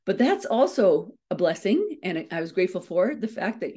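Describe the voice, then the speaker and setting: A middle-aged woman, a motivational speaker, telling a story with fast, self-mocking humor and frequent laughs. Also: fairly low pitch, very animated, warm tone. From Canada. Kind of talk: storytelling keynote talk.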